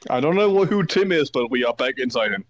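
A man's voice: mid-range voice, animated, fast talker, no room sound. Incredulous man on a dry, dull mic. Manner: blunt, incredulous remarks. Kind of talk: casual chat.

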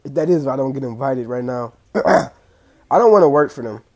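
A young man casually commentating his own wrestling video game play, excitable and slangy, trash-talking the opponents, with a clogged throat. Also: mid-range voice, normal speed. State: congested throat. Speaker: gaming channel host.

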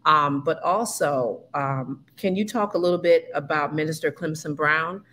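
A woman's voice: low-pitched, moderate pace, fairly bright tone, slight background noise. A woman hosting a live-streamed interview, chatty and loose, reading questions from the chat. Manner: chatty, many fillers and restarts, reads from the chat. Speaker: host.

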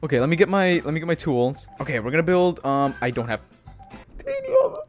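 A man's voice: a little high, huge pitch swings, brisk, faint music behind. A man giving jittery let's-play commentary, swearing often and calling everyone dude and bro. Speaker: gaming channel host.

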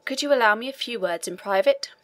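A woman's voice: on the high side, quick pace, natural voice. A woman voicing an elderly imprisoned priest, earnest and persistent, in an audiobook reading. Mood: pleading. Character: elderly imprisoned male Italian priest, eager, learned.

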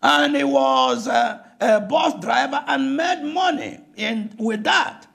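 An older man with a Nigerian accent, preaching a sermon with impassioned shouts and frequent "listen to me" asides. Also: extremely high pitch, slow pace, vocal fry. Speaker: pastor.

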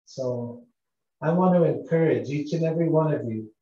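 A man from British Columbia, an Indigenous cultural interpreter, telling a gentle, unhurried storytelling lesson to schoolchildren and asking them questions. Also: medium pitch. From British Columbia, Canada. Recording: echoey, distant, dull live broadcast sound.

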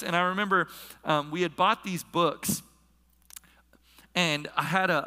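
Middle-aged man, pastor, bright tenor, emotional storytelling sermon, big hall reverb. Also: a little high. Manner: emotional, chokes up while telling a story. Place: church hall with a live audience.

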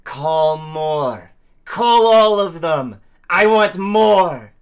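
A cold, menacing male pilot of a combat machine, barking orders very loud and high. A player puts him on. He sounds ruthless in a tabletop game scene. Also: animated, drawn-out words, smooth, heavily acted. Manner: barking commands.

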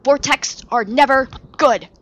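A woman doing a shouting pirate captain. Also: mid-range voice, sing-song, unhurried, slight background noise. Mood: urgent. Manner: shouting orders over a storm. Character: gruff male pirate captain under strain.

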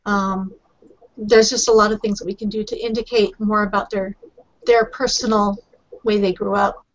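A woman's voice: mid-range voice, flat delivery, normal speed. Woman, editor, chatty panel talk, explanatory, lo-fi muffled sound. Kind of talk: casual panel discussion. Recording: muffled lo-fi recording.

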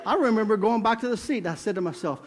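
A middle-aged man preaching as an evangelist, his voice sitting high and swinging widely in pitch. He tells his story with animated energy and breaks into laughter often. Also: fast, slight background noise. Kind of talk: sermon with personal testimony.

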